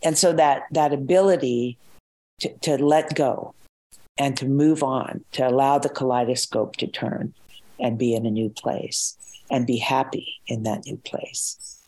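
A woman's voice: extremely low pitch, fairly even intonation, a little slow, mellow, low-quality recording. An older woman, an author being interviewed, talking in a thoughtful, reflective way and repeating words as she gathers her thoughts. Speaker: author and guest.

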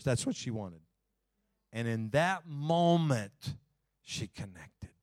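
A man's voice: mid-range voice, no echo. Man preaching a sermon, dry sound. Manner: conversational preaching that swings between emphatic and hushed. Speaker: pastor.

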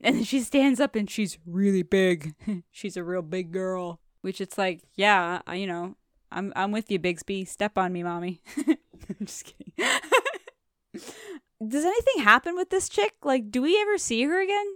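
A woman co-hosting a casual podcast, chatting about a film with a wry, joking manner and lots of quick agreement. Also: mid-range voice, fairly bright tone, dry recording, clean studio sound. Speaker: podcast co-host. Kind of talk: casual movie recap chat.

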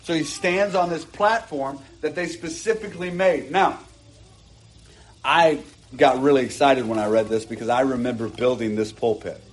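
A man's voice: medium pitch, moderate pace. Man preaching an earnest sermon. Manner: earnest, emphatic preaching with rising bursts and asides. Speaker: pastor. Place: church, preaching from a pulpit.

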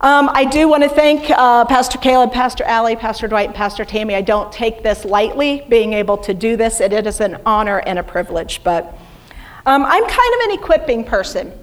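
A woman's voice: on the high side, animated, a little fast. A middle-aged woman preaching as a guest speaker in a church, chatty and self-deprecating. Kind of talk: sermon. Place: church sanctuary.

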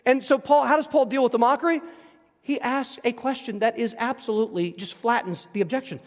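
A man preaching an expository sermon, animated and emphatic, acting out the voices of the people in the passage and asking rhetorical questions. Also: very high voice, quick pace, long reverb tail. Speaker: pastor.

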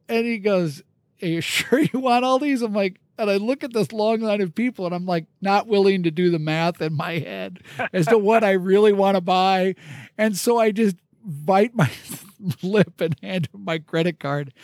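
A man's voice: sits high, moderate pace, a little mellow, no echo, clean studio sound. Self-mocking man telling a rambling story. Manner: rambling, self-mocking, with frequent restarts and laughs. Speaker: podcast host. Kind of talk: casual storytelling on a beer podcast.

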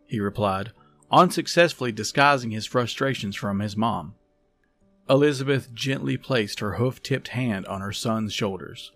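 A man hosting a story podcast, reading aloud in a calm, measured, soft-spoken way. His pitch sits in a middle range for a man. Faint music plays quietly behind him. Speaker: podcast host and story reader. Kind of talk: scripted story narration.

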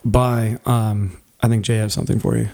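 A man's voice: lowish voice, fairly even intonation, moderate pace, creaky, a little mellow. A man co-hosting a casual podcast with friends, wry and self-deprecating as he joins in the jokes. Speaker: podcast co-host. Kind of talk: joking banter.

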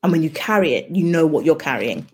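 Husky low-voiced woman explaining calmly. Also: quick pace. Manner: reflective, explains by acting out example dialogues. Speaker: midwife and birth debrief facilitator, podcast guest. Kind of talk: conversational interview.

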